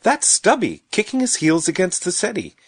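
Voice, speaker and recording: A man's voice: high-pitched, huge pitch swings, moderate pace, husky, voice pushed up, exaggerated voice. A man doing a fretful little girl. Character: impatient, eager little girl.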